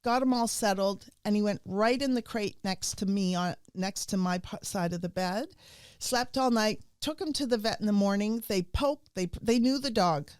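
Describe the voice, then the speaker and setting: A woman's voice: medium pitch, normal speed, smooth, no echo, clean studio sound. A middle-aged woman telling stories in a casual podcast conversation about rescue dogs. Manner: storytelling, warm and animated with laughs. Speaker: rescue dog trainer, guest.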